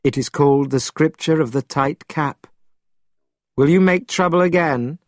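A man voicing a calm, gentle priest in a storybook reading, measured and steady. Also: on the high side, no echo, studio quality, voice pushed up, natural voice. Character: patient, gentle male priest, calm and stern.

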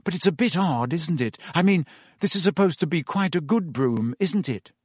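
A man's voice: a little high, animated, moderate pace, breathy edge, no echo, clean studio sound, voice pushed up. A man voicing a fretful, bossy schoolgirl. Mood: worried. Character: clever bossy teenage schoolgirl.

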